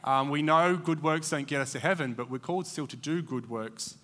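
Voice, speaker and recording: Male preacher, bright and fairly high voice, chatty and rambling delivery, echoey church hall. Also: fairly quick. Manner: conversational, digressive, many fillers. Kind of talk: church sermon.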